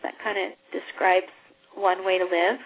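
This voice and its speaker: Woman teacher, earnest lecture, hesitant fillers, husky voice, tinny phone-like sound. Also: lowish voice, little pitch movement, unhurried. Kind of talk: reading aloud and lecturing.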